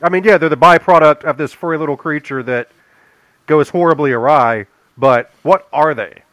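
Dry, higher-voiced podcast co-host. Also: male voice, normal speed, fairly bright tone, no room sound, dull audio. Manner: repeats himself, fills gaps with yeah. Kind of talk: casual movie review chat.

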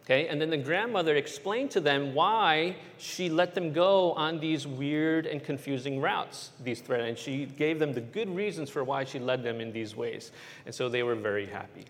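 A pastor telling a children's sermon as an animated story, often checking in with his listeners with "right?". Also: a little high, normal speed, big-room sound.

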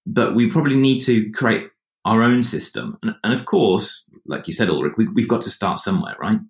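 A man's voice: fairly low pitch, moderate pace. A man hosting an interview, reflecting and thinking aloud as he asks questions. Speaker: podcast host. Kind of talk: conversational interview. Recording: roomy echo.

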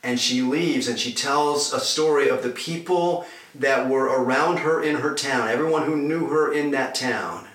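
A male pastor preaching a sermon and retelling scripture as an animated story, heard from a distance in an echoey room. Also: mid-range voice, a little slow.

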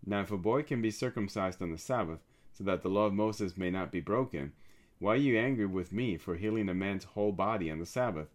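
Solemn earnest teacher guy, lowish voice, a man reading him out. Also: brisk, lightly acted.

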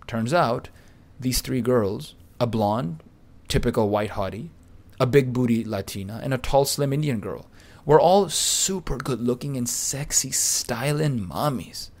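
A man narrating a podcast story from a script, with a boastful, pumped-up delivery. He leans on crude slang and gets louder at the exciting parts. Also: medium pitch, unhurried. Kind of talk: reading a first-person anecdote aloud.

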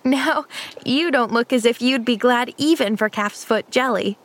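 Storybook role: bright, chatty young girl, high and eager, read by a woman. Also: measured pace, natural voice. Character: cheerful eager eleven-year-old girl.

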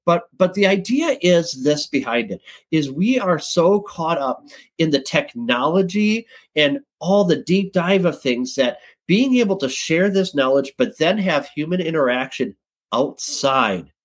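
A man talking as a guest on a podcast, telling stories in a casual, lively way and jumping up in pitch when he gets excited. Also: a little slow. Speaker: guest, sales director.

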